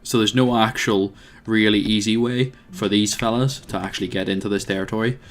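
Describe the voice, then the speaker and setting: A man's voice: fairly low pitch, steady tone, fairly quick, faint music behind. A man with a Northern Irish accent giving let's play commentary, rambling and musing aloud to himself. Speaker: video game player.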